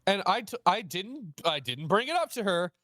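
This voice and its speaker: In a casual chat, a young man serving as host relays a story at a moderate pace, acting out both voices of the dialogue. He's animated, with pitch jumps in the quoted parts. The audio is studio quality with no room sound.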